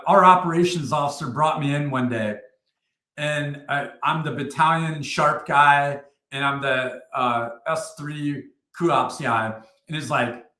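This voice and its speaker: A man's voice: fairly high pitch, sharp tone, reverberant. A middle-aged man, a retired army sergeant, telling war stories as an interview guest in a blunt, profane way, full of fillers and restarts. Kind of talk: casual interview storytelling.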